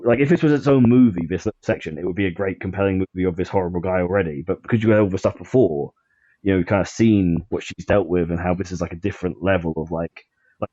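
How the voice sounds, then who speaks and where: Low-voiced man rambling on a podcast. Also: dark tone, no room sound, dull audio. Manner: rambling, many fillers and restarts. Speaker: podcast guest. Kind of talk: casual podcast chat.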